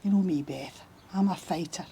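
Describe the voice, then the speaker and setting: A woman's voice: lowish voice, moderate pace, dark tone, a little hiss or hum, lightly acted. An actress playing a melodramatic middle-aged neighbour who dwells on her ailments. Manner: self-pitying, theatrical.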